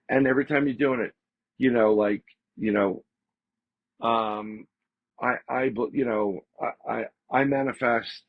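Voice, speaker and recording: A man, a podcast guest, telling a story in a casual, animated way and repeating phrases for emphasis. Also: mid-range voice, normal speed, breathy edge, no room sound. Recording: slightly dull lo-fi audio.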